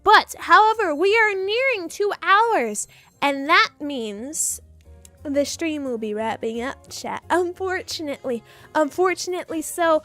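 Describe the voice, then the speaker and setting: A woman's voice: extremely high pitch, measured pace, a bit bright, no echo, faint music behind. A young woman streamer chatting casually with her viewers and reading a storybook aloud, giggly and full of jokes. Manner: chatty, giggly, talks to chat, breaks off into jokes.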